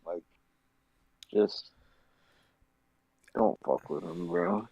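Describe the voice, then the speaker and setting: A man's voice: fairly high pitch, huge pitch swings, drawn-out words, vocal fry, dark tone, slightly rough, no room sound, lo-fi sound. A man co-hosting a sports podcast who rants heatedly, with heavy swearing. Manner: heated, profane ranting. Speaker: podcast co-host. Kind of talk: casual sports chat.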